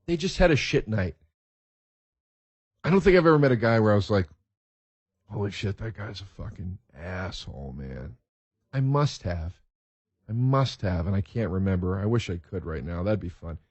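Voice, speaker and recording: A man hosting a podcast, telling stories in a casual, profane, excitable way and laughing as he talks. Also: fairly low pitch, normal speed, long pauses, no echo. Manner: profane, excitable storyteller who laughs mid-sentence. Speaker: podcast host. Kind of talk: casual storytelling.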